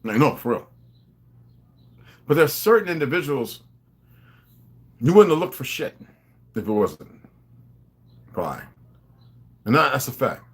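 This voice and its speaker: A man's voice: medium pitch, big pitch swings, unhurried, pauses often. A man delivering a profane, confrontational monologue, lecturing his viewers.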